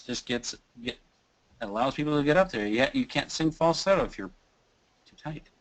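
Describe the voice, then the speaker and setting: A man's voice: mid-range voice, animated, moderate pace, rough recording. A man from the Kansas City area, a voice teacher, talking casually in a webinar and showing vocal exercises by moaning, sighing and singing short bits. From Kansas City area, USA. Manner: casual, demonstrates moans, sighs and creaky sounds.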